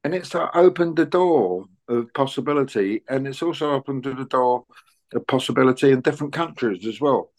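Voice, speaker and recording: An older man in his sixties, a musician telling stories in a relaxed interview and acting out the dialogue. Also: mid-range voice, a little fast. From England. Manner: chatty, anecdotal, plays out dialogue in quoted voices. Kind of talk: relaxed conversational storytelling.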